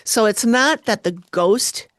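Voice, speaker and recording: A woman co-hosting a podcast, recapping a TV episode in casual chat and jumping in pitch when she quotes people. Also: slow pace, no echo, clean studio sound. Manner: chatty, quotes people with sudden pitch jumps. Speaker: podcast co-host.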